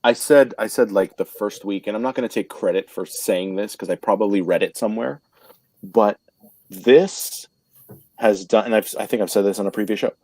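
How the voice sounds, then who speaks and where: A man hosting a casual podcast chat, joking and telling stories in an animated way. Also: fairly low pitch, moderate pace, dry recording. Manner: animated, jokey storyteller. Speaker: podcast host.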